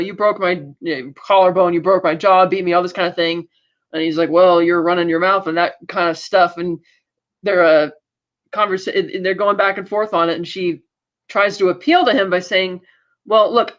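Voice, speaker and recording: A man's voice: high voice, fairly bright tone, highs cut off. A man co-hosting a podcast, retelling an episode in casual chat and quoting the characters as he goes. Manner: brisk retelling with acted quotes. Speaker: podcast co-host.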